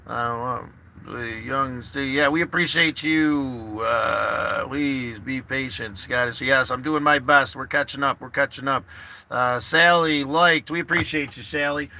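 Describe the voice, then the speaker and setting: A man's voice: mid-range voice, unhurried, gravelly, pushed and bright, slight background noise. A man chatting casually to livestream viewers from his parked car, rambling and earnest, repeating himself and swearing freely. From New York State.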